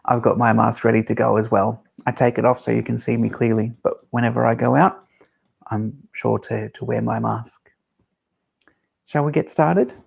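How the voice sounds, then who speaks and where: A man working as a children's librarian, gently reading picture books aloud on a live-streamed storytime. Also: medium pitch, steady tone, creaky, slightly rough. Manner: gentle, unhurried, talking to small children.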